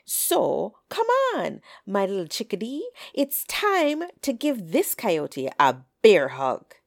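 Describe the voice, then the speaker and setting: A woman voicing a sly, smooth-talking male trickster coyote who wheedles and coaxes excitably. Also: medium pitch, slow, dry recording, studio quality, heavily acted. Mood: wheedling.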